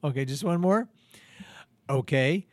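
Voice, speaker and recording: A man's voice: fairly high pitch, lively intonation, a little slow, dry recording. A man hosting a comedy podcast, talking in a dry, theatrical, self-mocking way. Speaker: podcast host. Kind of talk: comedic improvised banter.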